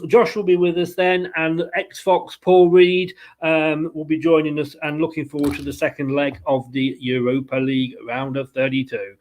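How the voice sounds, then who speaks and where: A man hosting a casual post-match football fan podcast, chatty and rambling with fillers and playful asides. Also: high voice.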